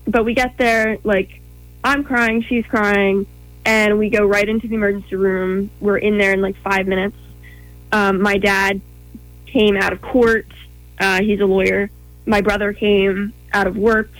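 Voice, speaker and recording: A woman's voice: medium pitch, steady tone, moderate pace, dry recording, poor audio. A young woman telling her own story as an interview guest, earnest, with many ums and quoted thoughts.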